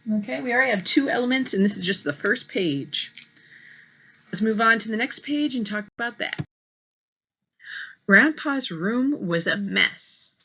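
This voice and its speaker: A woman's voice: medium pitch, bright, forceful tone, slightly rough. A woman teacher reading a story aloud to children, explaining patiently and checking in with "okay?" after each point. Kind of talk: read-aloud lesson for kids. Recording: slightly muffled audio.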